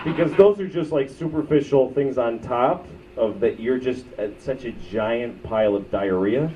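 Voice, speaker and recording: A man's voice: medium pitch, normal speed, dark tone. A man doing a stand-up comedy set in a club, rambling through crude, self-mocking stories. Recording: muffled bootleg audio from far off, with crowd and noise. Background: audience laughter.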